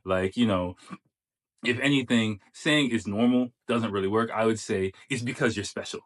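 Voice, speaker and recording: A man's voice: lowish voice, moderate pace. A man hosting, giving casual commentary on a clip, chatty and full of fillers and restarts. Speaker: host reacting to a clip.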